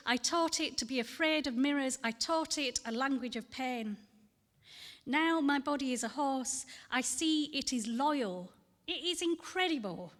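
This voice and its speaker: A woman's voice: sits high, sharp tone. Woman poet reading in a reverberant hall. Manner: candid, earnest, reads with measured cadence. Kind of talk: poetry reading with personal talk. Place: festival event hall.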